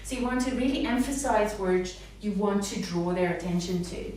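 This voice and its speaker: Animated woman speech therapist, echoey room. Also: medium pitch, moderate pace. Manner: animated, models words in a sing-song voice. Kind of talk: live talk to parents. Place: hall with a live audience. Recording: echoey room, mic far off, faint noise.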